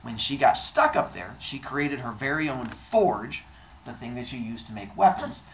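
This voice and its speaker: A man telling a comic myth in an animated, playful way, hosting his show. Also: medium pitch, moderate pace, slight background noise. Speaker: storyteller host. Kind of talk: comic storytelling. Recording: roomy echo.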